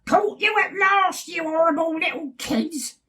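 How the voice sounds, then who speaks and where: Guy doing a cackly old witch lady, squeaky high, heard from across the room. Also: a little slow, sharp tone, recorded from a distance, heavily acted. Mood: furious.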